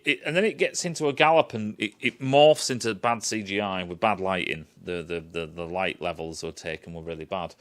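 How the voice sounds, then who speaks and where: Brief: male reviewer, sweary and sarcastic, bright and animated delivery. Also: mid-range voice. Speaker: film and TV reviewer. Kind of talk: ranting casual review.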